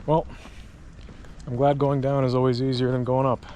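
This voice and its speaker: A man narrates his walk outdoors in a loose, chatty way, thinking aloud as he goes. His voice sits at an ordinary middle pitch. Street noise and passing traffic come through clearly behind him. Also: level tone, moderate pace, mellow. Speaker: travel vlogger. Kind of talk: casual walking vlog narration. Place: outdoors on city streets and hill paths.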